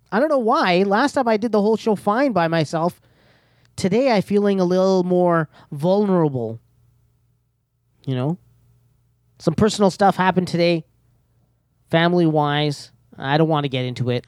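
A man hosting a casual podcast, rambling nervously with plenty of ums and jokes at his own expense. His voice sits a little high for a man, recorded dry and close to the mic. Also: a little mellow, no echo. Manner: nervous, self-deprecating, rambling with many fillers. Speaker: podcast host. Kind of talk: casual solo podcast chat.

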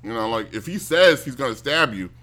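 A man ranting casually to a stream audience, animated and given to mocking impressions. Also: mid-range voice, brisk. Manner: animated, mocks others in loud exaggerated voices.

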